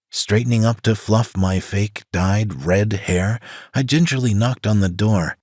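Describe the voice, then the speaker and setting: Husky male audiobook narrator. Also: sits low, no room sound, clean studio sound.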